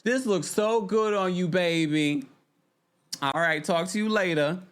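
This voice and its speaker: A man's voice: high voice, measured pace, clear, resonant tone. A man voicing a sweet-talking older mother who coaxes and calls the listener baby. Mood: sweet coaxing.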